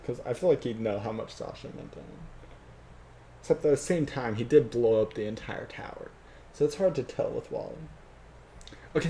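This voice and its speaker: With a mid-range, somewhat dark voice, a man rambles and jokes to himself as he thinks through a fan script, his thoughts trailing off. There's a little hiss or hum on the recording.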